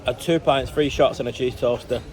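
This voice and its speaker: A man's voice: mid-range voice, fairly even intonation, normal speed, a crowd in the background. A man vlogging on a trip, chatty and sweary, filming himself on a handheld camera on city streets. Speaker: travel vlogger. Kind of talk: casual vlog chat. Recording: noisy outdoor street audio.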